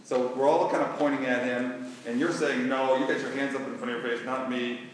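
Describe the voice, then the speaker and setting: A man's voice: medium pitch, little pitch movement, brisk, slight background noise. A man teaching a casual Bible lesson and staging a skit, talking in a rambling way with many restarts and fillers. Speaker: youth or Bible class teacher. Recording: echoey hall, mic far off.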